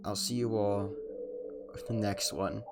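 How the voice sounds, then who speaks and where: Excitable young man gaming streamer. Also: lowish voice, a little slow, loud music behind the voice. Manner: excitable and emotional, swears often, trails off and restarts. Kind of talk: casual let's-play commentary.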